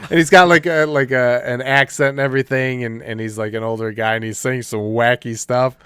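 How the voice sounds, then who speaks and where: A man co-hosting a podcast, rambling through animated retellings of comedy sketches with lots of fillers and restarts, laughing as he goes. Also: mid-range voice, fairly quick, clean tone. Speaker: podcast co-host. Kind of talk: casual chat.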